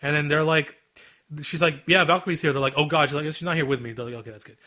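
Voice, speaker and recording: Fast, bright-voiced young man retelling anime. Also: a little high. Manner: animated, acts out scenes in quoted voices. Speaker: podcast co-host. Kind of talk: casual anime chat.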